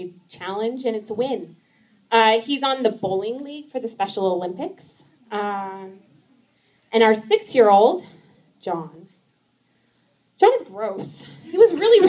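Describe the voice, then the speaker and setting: High-voiced woman doing stand-up. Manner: chatty, laughs at her own jokes, many "um"s. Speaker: stand-up comedian. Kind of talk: stand-up comedy set. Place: live event in front of an audience.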